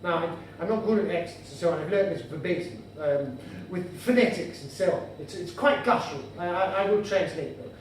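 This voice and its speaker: A male stand-up comedian with a high-pitched, animated voice talks briskly and barely pauses, addressing the crowd as sir and madam in a formal, florid style. He was recorded live from a distance in an echoey room, with heavy reverb and plenty of noise.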